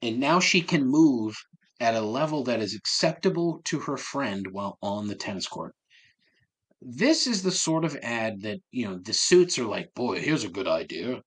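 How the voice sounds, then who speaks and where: A man's voice: mid-range voice, big pitch swings, moderate pace. A man hosting a solo podcast, ranting with sarcasm and heavy swearing. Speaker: podcast host.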